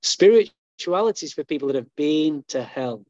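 Man, middle-aged, recovery talk speaker, profane and joking, fairly high voice, lo-fi dry sound. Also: moderate pace, no room sound. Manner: profane, humorous, lively storyteller. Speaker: main speaker at a recovery meeting. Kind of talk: storytelling recovery share.

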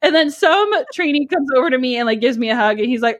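A young woman in her twenties chatting on a podcast, her voice sitting a little high. She tells a story in an animated, giggly way, full of "like" and quick asides. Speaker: podcast co-host. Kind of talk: casual chat, storytelling.

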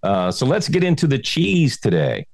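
A man's voice: medium pitch, moderate pace, gravelly, dry recording, studio quality. A man co-hosting a casual podcast, joking and laughing often. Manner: jokey, laughs often, lively delivery. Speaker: podcast co-host. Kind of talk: casual chat.

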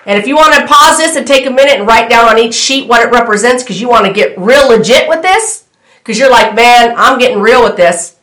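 A woman's voice: fairly high pitch, animated, fairly quick, a bit bright. Fervent woman preaching in an echoey room. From United States. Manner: fervent, repetitive declarations, talks straight to viewers. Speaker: prophetic minister. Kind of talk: delivering a prophetic word to camera.

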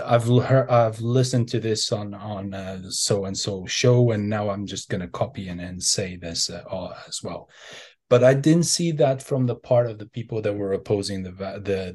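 A man talking in a casual interview, halting and earnest, with frequent restarts and fillers. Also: on the low side, darkish tone. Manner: hesitant, many restarts and fillers. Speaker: interview guest.

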